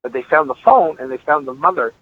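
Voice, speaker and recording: Speaking fast in a higher-pitched voice, the middle-aged man joins as a guest musician over a tinny line with faint background noise. His conversational storytelling is earnest and emphatic, leaning on repeated words as the point grows.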